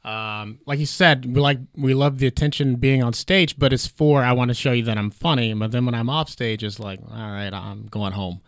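A man who is a stand-up comedian, a guest telling relaxed stories in a casual chat. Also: mid-range voice, brisk, few pauses, dry recording, studio quality. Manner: relaxed anecdotal storyteller, acts out quotes.

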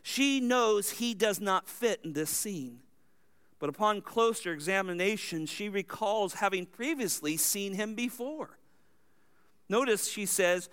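Male preacher, high clear voice, teaching a sermon verse by verse, explanatory with asides. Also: animated, unhurried, a bit bright.

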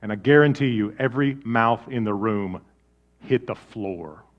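A man preaching a sermon as pastor, conversational and animated, swinging between loud bursts and soft, low asides. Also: normal speed, narrow, tinny audio.

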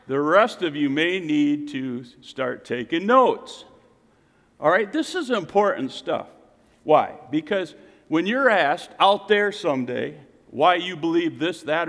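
A pastor preaching to his congregation, swinging between loud emphatic calls and quiet, low asides. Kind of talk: sermon. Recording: reverberant hall.

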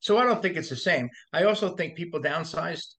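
Bright, animated man telling stories. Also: fairly high pitch, fairly quick. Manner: animated, profane, laughs through stories, acts out voices. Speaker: body shop owner and podcast guest. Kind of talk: casual storytelling chat.

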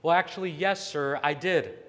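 A man's voice: fairly high pitch, moderate pace, big-room sound, close to an everyday voice. A man voicing a mocking young woman defendant in a courtroom, in a sermon retelling. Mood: sarcastic. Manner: mocking, laughing, then shouting.

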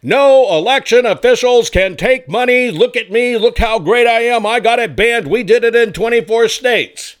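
A man putting on a high, pompous voice for a boastful male politician in a mocking impression. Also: normal speed, few pauses, clear, resonant tone. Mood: bragging. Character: boastful male politician, smug and self-congratulating.

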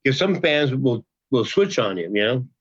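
A man in his sixties, a podcast guest, telling a story in a loose, profane, animated way and often repeating himself. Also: medium pitch, moderate pace. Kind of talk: casual storytelling. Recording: dull lo-fi podcast audio.

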